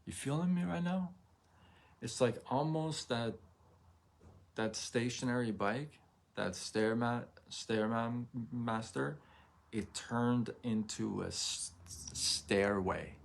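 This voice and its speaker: A man hosting a motivational livestream, talking earnestly and haltingly, often repeating words and checking that viewers follow him. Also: mid-range voice, gravelly. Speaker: livestream host. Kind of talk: emotional motivational livestream talk.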